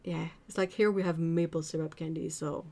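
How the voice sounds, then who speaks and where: Chatty woman livestreamer with a mellow, lowish voice. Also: fairly even intonation, brisk. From United Kingdom. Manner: chatty, laughs often, reads comments aloud. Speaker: art livestream host. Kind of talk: casual livestream chat reading viewer comments.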